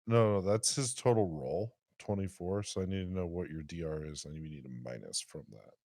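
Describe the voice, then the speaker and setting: A man with a low voice runs a tabletop game, patiently explaining the rules step by step. His voice sounds close and dry, with no room around it. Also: a little fast, mellow, no echo. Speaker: dungeon master. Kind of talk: running a tabletop game over voice chat.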